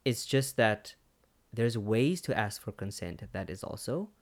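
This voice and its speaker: A man's voice: lowish voice, unhurried. A man in casual conversation, talking earnestly and reflectively about personal experiences. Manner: earnest, reflective, animated when retelling.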